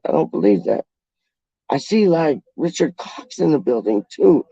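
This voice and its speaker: A man's voice: a little high, big pitch swings, moderate pace, gravelly, dark tone, breathy edge, dry recording, lo-fi sound. A man from the UK hosting a casual livestream, reading out chat in a slangy, rambling, playful way. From United Kingdom.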